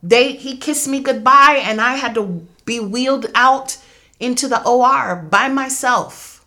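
Brief: young adult woman, grieving mother, earnest and intense, bright voice, tells her story as an interview guest. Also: a little high, unhurried. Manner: earnest, intense, reenacts dialogue. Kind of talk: emotional personal testimony.

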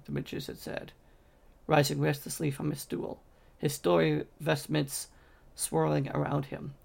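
A man reading a fantasy novel aloud in a steady storytelling manner, with occasional slips and restarts. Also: fairly high pitch, moderate pace, creaky, breathy edge. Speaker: audiobook reader.

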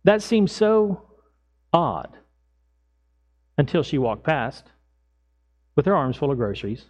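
A middle-aged man preaching as a pastor, telling everyday stories in a lively way and acting out his own lines. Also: fairly high pitch, slow, pauses often. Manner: animated storytelling, acts out his own lines loudly. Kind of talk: sermon with personal stories.

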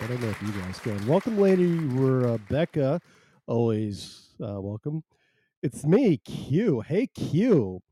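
A man hosts a loose live talk show in an unhurried, mellow voice. He rambles and jokes at his own expense, close on a dry mic with no room sound. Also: medium pitch, breathy edge, dry recording. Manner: rambling, jokey, self-mocking. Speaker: host.

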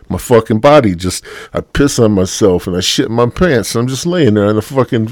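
A man's voice: mid-range voice, expressive, normal speed, darkish tone, no room sound, studio quality. A male podcast host rambling bluntly through a profane solo rant. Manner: rambling, heavy swearing, blunt.

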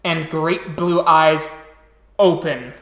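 A man narrating a tabletop game as storyteller, describing scenes slowly and restarting phrases as he goes. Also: on the high side, steady tone, a bit bright, reverberant.

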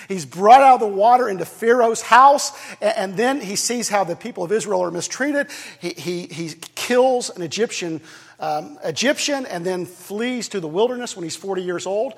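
A man's voice: high voice, creaky. A man preaching a sermon as pastor, talking casually with jokes and restarts. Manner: conversational preaching with jokes and repetitions. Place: church sanctuary. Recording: long reverb of a church hall.

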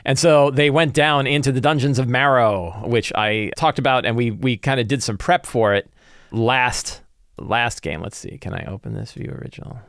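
A man recapping his tabletop game session as game master, animated and quick to act out his players' lines. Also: medium pitch, no echo, clean studio sound. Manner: animated, acts out player and NPC quotes, frequent restarts.

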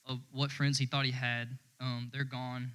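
A man's voice: mid-range voice, flat delivery, unhurried, a bit bright, poor audio. A man giving a sermon in a casual, conversational way, rambling with frequent restarts. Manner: informal and rambling, many fillers and restarts. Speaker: church speaker.

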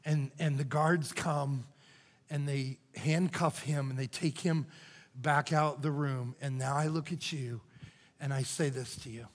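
An older man preaching a sermon as pastor, moving from loud cries to hushed whispers. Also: mid-range voice, steady tone, measured pace. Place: church sanctuary. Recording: church hall reverb.

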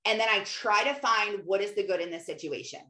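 Brief: animated woman, casual faith talk, lively delivery, roomy echoey room. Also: mid-range voice, a little fast. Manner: animated, often acts out quotes, many fillers. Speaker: mother and Christian speaker. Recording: roomy echo.

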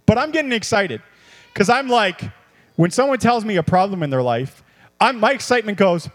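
A man preaching a sermon as a pastor, animated and repetitive, moving between quiet reflection and bursts of excitement. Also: high voice, normal speed. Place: church hall. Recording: long reverb of a church hall.

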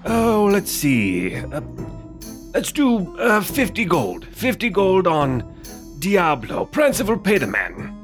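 A man's voice: high voice, wildly swooping pitch, soft background music, voice pushed up, exaggerated voice. A man doing a stilted noble adventurer with a French accent. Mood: deliberating. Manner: formal, halting, awkward put-on accent. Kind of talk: tabletop role-play.

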